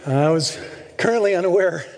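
A man's voice: sits high, animated, normal speed, long reverb tail, background noise. A male preacher giving a sermon, telling stories candidly and animatedly with self-deprecating humor.

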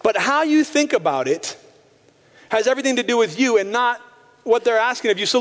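A male pastor preaching a sermon with passion, slowing down to stress key phrases. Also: very high-pitched, lively intonation. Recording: long hall reverb.

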